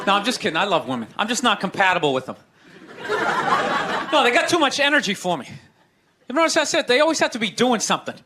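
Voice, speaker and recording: A man with a Boston accent doing a stand-up comedy set, ranting sarcastically and shouting his punchlines. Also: sits high, big pitch swings, fast, long pauses, heavy background noise. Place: comedy club stage before a live audience. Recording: live show with loud crowd laughter.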